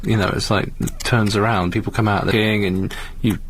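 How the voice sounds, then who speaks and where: A man's voice: lowish voice, fairly even intonation, fairly quick, a little hiss or hum. Chatty man, studio sidekick. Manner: chatty, laughing anecdotes. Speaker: radio show sidekick. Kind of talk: casual studio chat. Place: radio studio.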